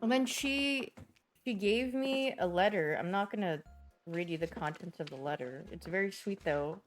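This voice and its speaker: A young woman streaming, telling stories in a lively, animated way and often laughing and squealing. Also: lowish voice, moderate pace, soft background music. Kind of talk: casual chat stream.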